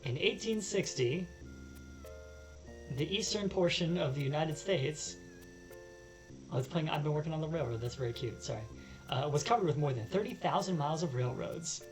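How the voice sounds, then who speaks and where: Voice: mid-range voice, a little fast, darkish tone, faint music behind, poor audio. A let's-play host reading game text aloud with joking asides. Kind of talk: casual game commentary.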